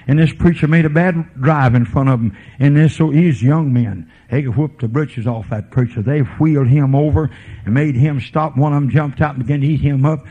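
A man preaching a revival sermon as a folksy evangelist, swinging from quiet murmurs to fervent preaching. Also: medium pitch, husky. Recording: tinny lo-fi sermon tape.

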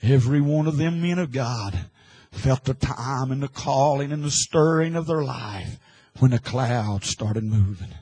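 Husky, impassioned male preacher. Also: medium pitch, measured pace, few pauses, poor audio. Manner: impassioned, swings from hushed to shouting. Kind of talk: sermon.

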